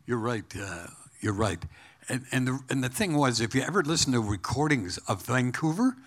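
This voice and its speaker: Older guy guest telling stories, laughs a lot, mid pitch. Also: normal speed. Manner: animated anecdote teller, laughs often. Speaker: interview guest, former broadcaster. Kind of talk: casual storytelling interview.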